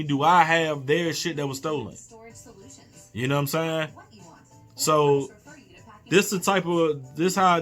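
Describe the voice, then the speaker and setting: A man's voice: fairly high pitch, bright, forceful tone. A young man telling an angry personal story, heated and profane, repeating himself and acting out what people said. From Virginia. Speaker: man recounting an incident.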